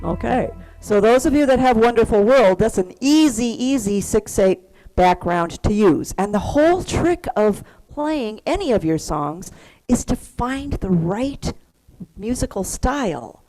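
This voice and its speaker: A woman's voice: on the high side, expressive, measured pace, mellow, soft background music. A woman teaching an online keyboard class, patiently explaining rhythm and counting beats aloud. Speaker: music teacher. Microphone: computer mic on a video call.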